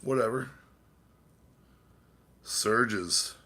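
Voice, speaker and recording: A man's voice: medium pitch, drawn-out words, bright, forceful tone. A man hosting a casual live stream, rambling and swearing while chatting with viewers, a bit tipsy from drinking. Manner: rambling, profane, talks to chat and his cats. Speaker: livestream host.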